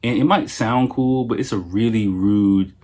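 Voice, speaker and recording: Low-voiced male podcast host in his thirties, casual, animated and profane storyteller. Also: a little slow. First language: English. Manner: animated storyteller, swears freely, laughs often. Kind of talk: casual solo podcast chat.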